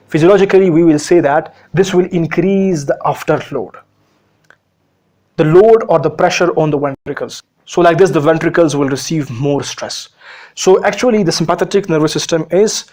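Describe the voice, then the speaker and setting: Guy lecturing on medicine, kinda high voice, asks himself questions then answers, lots of uhs. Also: a little mellow. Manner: explanatory, asks and answers his own questions, frequent uhs. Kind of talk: recorded lecture.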